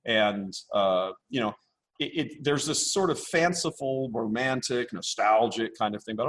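A man speaking as a podcast guest, blunt and forceful, repeating himself as he rambles. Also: mid-range voice, animated, normal speed, breathy edge. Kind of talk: casual interview.

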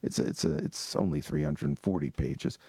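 A man, an author, telling lively anecdotes in a book talk, often restarting and laughing. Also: moderate pace, no room sound. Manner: animated storyteller with frequent restarts and laughs.

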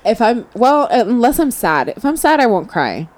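A woman's voice: a little high, sing-song, normal speed, darkish tone. A young woman in casual chat, speaking openly and laughing often as she tells stories. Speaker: guest, younger sister.

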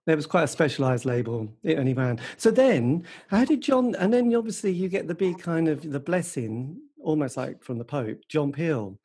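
A man's voice: on the high side, animated, moderate pace, hardly any pauses, darkish tone, breathy edge. A man interviewing a musician, chatty and asking leading questions. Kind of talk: casual radio-style interview.

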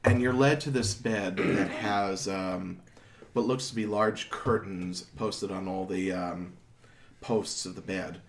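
A man narrating as game master of a tabletop game, describing scenes in an unhurried way with frequent fillers. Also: low-pitched, fairly even intonation, a little hiss or hum.

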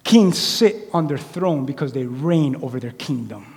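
A man preaching a sermon in a church, animated and conversational, acting out little quotes as he goes. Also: mid-range voice, moderate pace. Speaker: pastor. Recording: echoey hall reverb.

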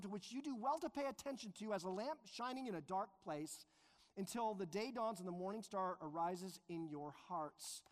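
A man preaching a sermon as pastor, earnest and emphatic, slowing down to stress key phrases. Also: sits high, animated. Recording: long reverb of a large hall.

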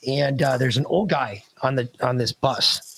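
A middle-aged man hosting a podcast, telling stories in a loose, profane, animated way. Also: medium pitch, measured pace, gravelly, breathy edge, no room sound. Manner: loose, swearing, animated retelling. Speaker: podcast host. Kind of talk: casual chat, profane storytelling.

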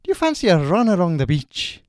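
A man puts on a lilting Irish voice for a playful Oscar Wilde. The pitch rides a little high and swings widely. The sound is close and dry. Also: sing-song, fairly quick, darkish tone, no room sound. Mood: teasing.

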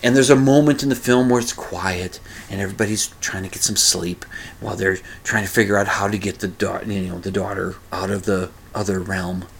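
A man's voice: sits low, fairly even intonation, brisk, vocal fry, husky. A man in his fifties hosting a solo podcast, rambling and grumbling with self-deprecating asides and mild swearing. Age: 50s. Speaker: podcast host. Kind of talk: casual solo podcast monologue.

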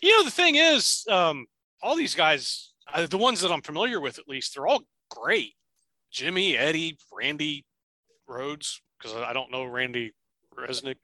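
A man's voice: a little high, big pitch swings, measured pace, pushed and bright, dry recording. A man co-hosting a podcast in casual chat, often hesitating and restarting his sentences. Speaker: podcast co-host.

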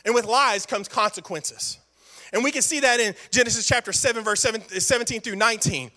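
High-voiced, bright preaching man. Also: fairly quick. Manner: emphatic, repetitive preaching with playful asides. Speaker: pastor. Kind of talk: sermon.

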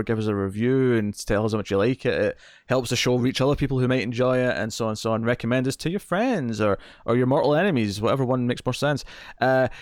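A man's voice: medium pitch, dry recording, clean studio sound. A man hosting a comics podcast, chatting casually, laughing often and restarting his sentences. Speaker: podcast host. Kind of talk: casual chat.

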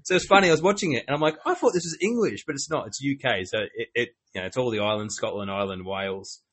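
Man, husky, quick-fire, rambling, jokey podcast co-host. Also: medium pitch, lively intonation, a bit bright. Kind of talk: casual podcast chat.

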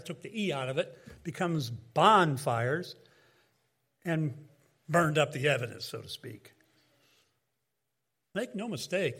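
A man delivering a sermon in an earnest, measured tone, dropping in casual asides as he goes. His voice sits a little higher than most men's. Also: fairly bright tone, breathy edge. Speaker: preacher.

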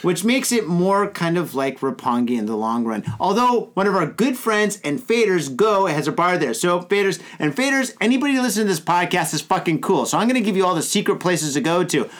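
An American man with a high, bouncing voice that swings all over as he talks. He rambles through stories in a loose, profane way, full of "dude" and "and shit". It is casual podcast banter between two hosts. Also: lively intonation, fairly quick, hardly any pauses. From United States. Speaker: podcast co-host.

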